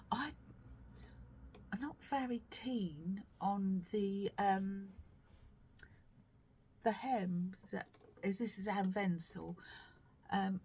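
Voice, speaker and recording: A woman's voice: medium pitch, darkish tone. A woman chats to camera about her knitting in a rambling, self-deprecating way, full of ums and little asides. She drifts back from the camera mic now and then, and there's a faint hiss under her voice. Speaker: knitting podcast host. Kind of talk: casual chat to camera.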